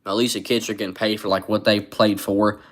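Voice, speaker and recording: A man rambles through a casual sports live stream, stopping to read viewers' chat comments aloud. His voice sits low and stays fairly flat in pitch. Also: a little fast. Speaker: sports livestreamer.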